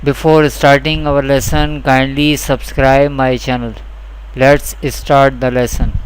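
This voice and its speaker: A man teaching a beginner's Quran reading lesson, repeating each rule slowly and carefully, with a South Asian English accent. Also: medium pitch, flat delivery, slight background noise, rough recording. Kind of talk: slow instructional lesson.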